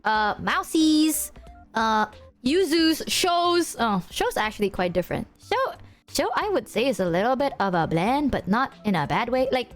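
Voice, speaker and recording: Give me a young woman streamer with a high voice that leaps all over, chatting casually with her viewers. She is bubbly, laughs a lot and curses without a second thought. Faint music plays behind her. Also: sing-song, measured pace. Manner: bubbly, swears freely, laughs often.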